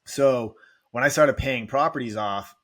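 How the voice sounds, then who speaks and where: A man's voice: mid-range voice, unhurried, fairly bright tone. A man, telling his story candidly as a podcast guest, full of "like" fillers and close to tears. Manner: rambling, heavy "like" filler, emotional. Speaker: real estate investor guest.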